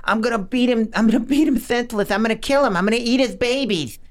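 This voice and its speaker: A man doing a high, boastful boxer impression. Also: fast talker. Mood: menacing. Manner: boastful threats, raised high voice. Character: impression of a famous male boxer, menacing.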